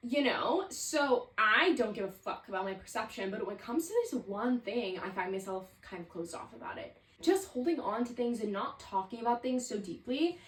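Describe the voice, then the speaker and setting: A woman's voice: on the high side, expressive, normal speed, hardly any pauses, far from the mic. Chatty young woman, set back in a roomy space. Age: 20s. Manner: chatty and candid, peppered with "like". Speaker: podcast host. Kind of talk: casual solo podcast monologue.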